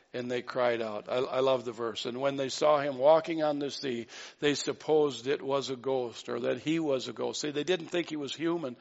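A man's voice: mid-range voice, muffled recording. A man preaching a sermon in an earnest way, with light asides and acted-out quotes. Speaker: pastor.

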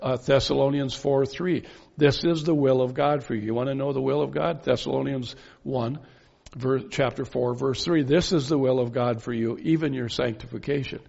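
A man preaching a sermon, pressing his points with emphatic rhetorical questions and slow, stressed phrases. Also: medium pitch, fairly even intonation, vocal fry, darkish tone. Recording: dull lo-fi sound with long reverb in a hall.

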